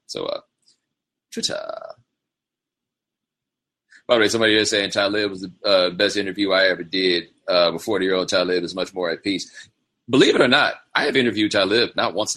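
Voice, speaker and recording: Deep gravelly-toned man telling stories. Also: sharp tone. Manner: rambling storytelling with quoted impressions. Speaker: show host. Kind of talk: casual livestream monologue.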